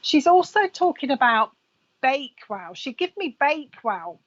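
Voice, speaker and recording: A psychic medium gives a live reading in a high, sing-song voice at a measured pace, and the sound is lo-fi. She chats freely, relays messages to viewers by name, and laughs a lot.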